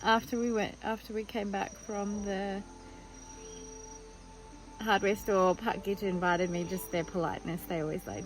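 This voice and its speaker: A woman's voice: mid-range voice, little pitch movement, normal speed, over music, rough recording. A woman talking openly to the camera in a casual personal vlog, thinking aloud as she goes. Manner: chatty and open, thinking aloud. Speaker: vlogger.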